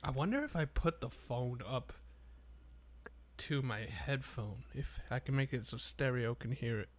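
A man's voice: medium pitch, expressive, measured pace. A man co-hosting a casual podcast, laid-back and giggly, often quoting clips. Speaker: podcast co-host. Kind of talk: casual chat.

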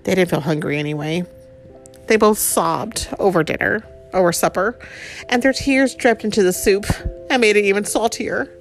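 A woman's voice: mid-range voice, moderate pace, soft background music. A woman reading a picture book aloud to a child, with chatty asides about the pictures.

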